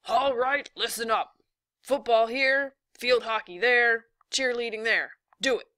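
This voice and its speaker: A woman's voice: a little high, a little slow, sharp tone, no room sound, pitched above the performer's own voice. A woman voicing a middle-aged male athletic director barking orders in a read-aloud story. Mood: commanding.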